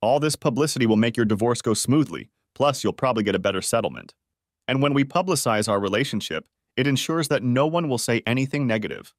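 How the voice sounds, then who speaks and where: A man narrating an audiobook, voicing a manipulative male lover in a low, curt voice. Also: animated, fast talker, no room sound, studio quality, lightly acted. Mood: scheming.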